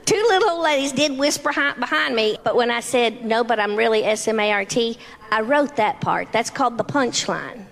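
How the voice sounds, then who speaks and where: A woman's voice: a little high, moderate pace, creaky, in a large hall. A woman doing a stand-up routine, telling confessional stories in front of an audience. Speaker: stand-up comedian.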